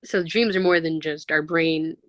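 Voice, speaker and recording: A woman's voice: low-pitched, fairly even intonation, normal speed, a bit bright, no echo. A woman guest in a casual interview, telling personal stories in an earnest, rambling way with many fillers. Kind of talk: casual conversational storytelling.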